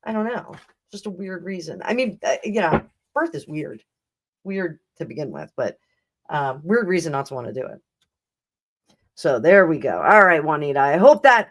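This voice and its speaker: Her voice sits low and sounds animated as she moves at a moderate pace through casual chat on her tarot livestream. She rambles, laughs a lot, and keeps restarting.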